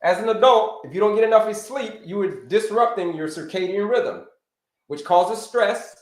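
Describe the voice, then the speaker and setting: A man coaching viewers through a livestream health lesson, with a voice pitched well above most men's. He drives his points home by repeating them and calls out viewers by name. The sound carries a roomy echo. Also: normal speed. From United States. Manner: animated teacher, repeats key points, greets viewers by name. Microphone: livestream setup.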